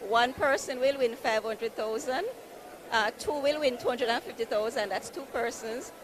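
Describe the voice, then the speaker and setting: A woman's voice: on the high side, normal speed. Upbeat saleswoman on a noisy floor. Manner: upbeat, persuasive, repeats easy and convenient. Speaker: building society representative. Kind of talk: sales pitch at an expo booth. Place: conference marketplace floor.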